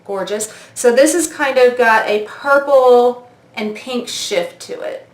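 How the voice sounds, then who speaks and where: A woman's voice: fairly high pitch, slow, roomy sound. A woman in her forties doing a makeup review vlog, gushing and oohing as she tries products at her mirror. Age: 40s. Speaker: beauty vlogger.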